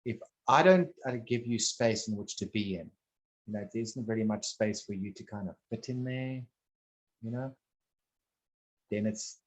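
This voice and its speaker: A man's voice: on the low side, a little hiss or hum. Rambling man in casual talk. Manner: rambling, halting, with frequent restarts and blunt swearing.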